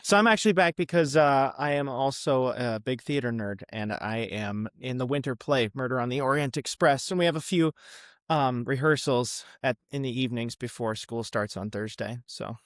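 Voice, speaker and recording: A young man in his twenties chatting as a podcast guest, friendly and unhurried, often pausing with an um or uh. His voice sits at a middle pitch and the recording is dry, with no room echo. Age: 20s. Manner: friendly, easygoing, many ums and uhs. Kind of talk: casual interview.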